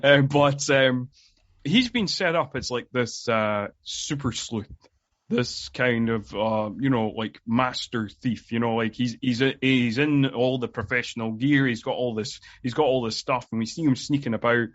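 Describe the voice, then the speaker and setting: A man's voice: medium pitch, a little slow. A man in his forties hosting a podcast, rambling and laughing often as he chats. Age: 40s. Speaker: podcast host. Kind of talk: casual podcast chat. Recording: dull lo-fi remote audio.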